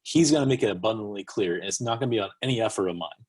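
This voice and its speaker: A man with a slightly husky voice tells his story as a podcast guest. His pitch moves up and down a lot, and he talks casually and with animation. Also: racing. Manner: animated, acts out quotes.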